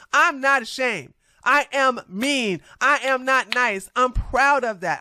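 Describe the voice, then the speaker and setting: A woman vlogger reacting to social media replies in a brash, sassy, confrontational way, with loud laughs. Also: a little high, dry recording, studio quality. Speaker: commentary vlogger.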